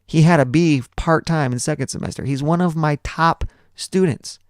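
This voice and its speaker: Man doing woman teacher, higher voice, incredulous, defending, dry close sound. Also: moderate pace, dry recording, natural voice. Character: adult woman teacher, puzzled, loyal to her student.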